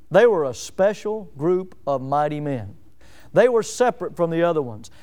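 A man's voice: high voice, darkish tone, smooth. A man from Northwest Florida preaching a sermon, asking the congregation pointed rhetorical questions and building up emphasis. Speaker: pastor.

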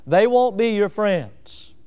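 A man's voice: sits high, lively intonation, takes it slowly, darkish tone, clean tone. A man from Northwest Florida preaching a sermon, asking the congregation pointed rhetorical questions and building up emphasis. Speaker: pastor.

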